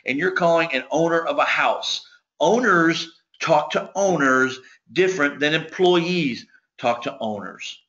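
A man giving a sales coaching lecture, talking very fast so his words sometimes run together. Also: fairly high pitch, bright, forceful tone. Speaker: sales trainer. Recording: dull lo-fi recording.

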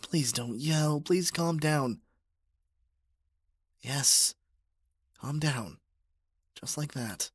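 A man voicing an obsessive young male stalker in a whispered role-play, talking softly with stammers and pleas. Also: medium pitch, takes it slowly, long pauses, husky, no echo, clean studio sound. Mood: panicked, pleading. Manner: soft, stammering, pleading.

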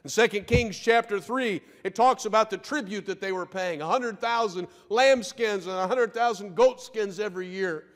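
A man preaching a sermon from the pulpit, his voice sitting fairly high for a man. He slows down and presses on key phrases for emphasis. The sound rings out with a long reverb through the church sanctuary. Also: fairly bright tone. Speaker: pastor.

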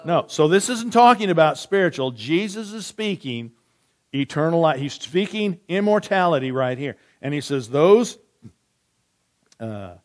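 A man preaches in a church, his voice sitting a little high for a man. He reads scripture slowly and quietly. Between readings he turns chatty, asking his congregation questions and answering back. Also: very animated. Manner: conversational, asks the room questions and answers back. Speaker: pastor.

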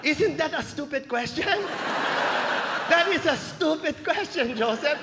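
A woman's voice: high-pitched, lively intonation, measured pace, big-room sound, heavy background noise, voice pushed up. A man voicing his tough little Filipino mother with a Filipino accent, scolding and fiery, on a comedy stage. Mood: mocking.

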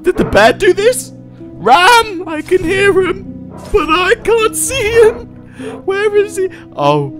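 A man giving jokey, casual gameplay commentary, yelling and joking at game animals. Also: very high-pitched. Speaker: gaming YouTuber.

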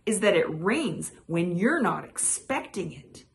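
A woman's voice: on the low side, sing-song, a little slow, vocal fry, heavily acted. A woman voicing a grumpy, complaining male rabbit in a read-aloud picture book, in a grumbling manner. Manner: grumbling, gloomy.

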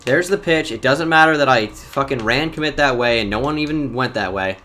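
A young man giving live commentary on his own football video game, excitable and talkative, jumping from loud outbursts to muttered complaints about his players. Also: medium pitch, fairly quick, soft background music. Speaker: gaming YouTuber.

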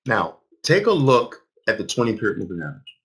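A man's voice: mid-range voice, wildly swooping pitch, brisk, a bit bright, slightly rough. Emphatic man teaching a trading class. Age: 50s. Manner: emphatic, repeats phrases and quizzes the audience. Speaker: trading instructor.

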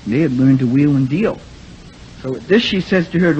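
A man's voice: fairly high pitch, moderate pace, a little mellow, slightly rough. A man giving a talk to a congregation, acting out the voices of the people he quotes and putting questions to the audience. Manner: acts out quoted speakers, asks the audience. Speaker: preacher. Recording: lo-fi recording with faint noise.

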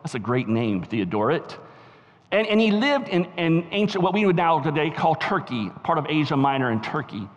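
Southern guy preaching in church, kinda high voice, big echoey hall, goes soft then shouty. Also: big pitch swings, moderate pace, lo-fi sound. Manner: storytelling, swings from soft asides to emphatic shouts. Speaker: pastor. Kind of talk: sermon. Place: church sanctuary.

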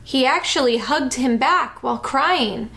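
Young woman, high voice, deadpan sarcastic asides, comedic dramatic reading. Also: measured pace. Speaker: host reading fan fiction.

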